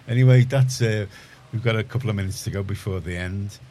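A man's voice: lowish voice, a little fast, warm tone, slight background noise. A man from Liverpool with a Scouse accent, hosting a community radio show and chatting in a rambling way with lots of restarts. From Liverpool, England. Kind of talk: casual studio chat. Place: radio studio.

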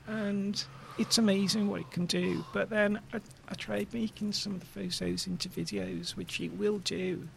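A speaker with a gravelly voice, chatting forthrightly in a casual group. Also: mid-range voice, level tone, normal speed, hardly any pauses, a little hiss or hum. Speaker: discussion participant.

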